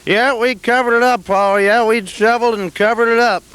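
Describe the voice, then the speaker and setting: A man playing a dim-witted, meek farm son in a comedy sketch, slowly repeating what his father says. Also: extremely high pitch, steady tone, fairly bright tone, smooth. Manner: slow, repetitive echoing of his father.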